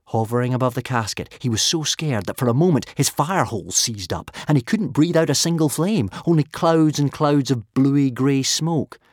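A man narrating an audiobook with expressive, lively storytelling and many character voices. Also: medium pitch, moderate pace, few pauses, no echo, clean studio sound.

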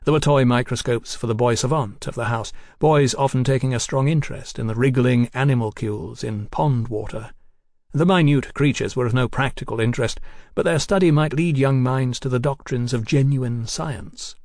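With clean studio sound and no room sound, a man narrates an audiobook. He speaks at medium pitch and normal speed in a steady, even storytelling manner.

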